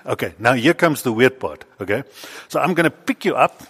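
A man's voice: mid-range voice, brisk, breathy edge, big-room sound. Guy preaching in a church, voice swinging all over, playful and jokey. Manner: playful, animated storytelling with sudden loud bursts. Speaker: pastor. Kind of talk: children's sermon with a volunteer.

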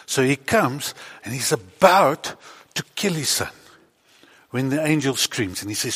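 A man preaching a lively story sermon in a church with a child volunteer, playful and animated, with sudden loud bursts. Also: medium pitch, a little slow, breathy edge, big-room sound. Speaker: pastor.

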